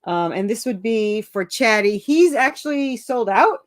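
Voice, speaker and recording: A woman's voice: fairly high pitch, animated, unhurried, dry recording, studio quality. Chatty woman guest on a video call. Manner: rambling and chatty, full of fillers and restarts; self-mocking, laughs at herself. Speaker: indie comic creator, interview guest. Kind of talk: casual video-call chat.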